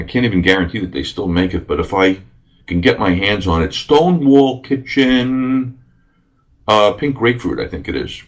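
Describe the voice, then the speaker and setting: Rambling, enthusiastic male podcast host. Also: low voice. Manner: rambling, enthusiastic, lots of fillers. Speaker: radio host. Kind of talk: casual solo podcast talk.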